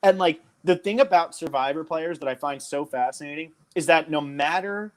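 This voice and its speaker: Young man from New Jersey, podcast co-host, chatty and rambling, voice sits a bit high. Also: moderate pace. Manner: rambling, enthusiastic, lots of fillers. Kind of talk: casual podcast chat.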